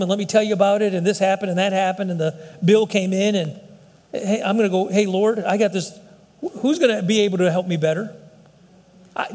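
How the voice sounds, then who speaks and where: A man's voice: high voice, darkish tone. A man preaching a sermon as a pastor, speaking in a conversational way with fillers and restarts. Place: church sanctuary. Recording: long hall reverb.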